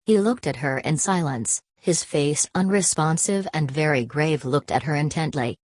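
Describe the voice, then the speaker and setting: Low-voiced woman narrating a novel. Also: normal speed, darkish tone, no room sound. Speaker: audiobook narrator. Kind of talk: scripted narration.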